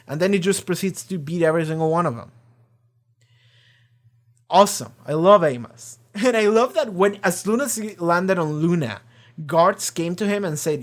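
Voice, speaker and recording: A man's voice: fairly high pitch, a little fast. Casual, swearing man recapping a show. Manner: rambling, profane, enthusiastic retelling with many fillers. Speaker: reaction channel host. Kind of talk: casual episode recap and discussion.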